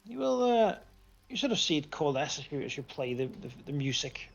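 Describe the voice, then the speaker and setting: Gravelly man running a tabletop game. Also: fairly high pitch, big pitch swings, highs cut off. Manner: halting narration with fillers. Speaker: game master.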